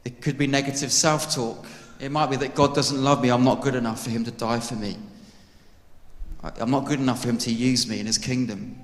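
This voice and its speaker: A man's voice: medium pitch, level tone, fairly quick. A man preaching a sermon to his church, earnest and conversational, joking with the congregation. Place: church hall. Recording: echoey hall with long reverb.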